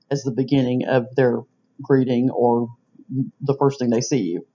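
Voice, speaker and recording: Low, mellow Southern woman vlogger. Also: steady tone, muffled recording. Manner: chatty, folksy, drawn-out "hey" demonstrations. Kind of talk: casual scripted vlog talk.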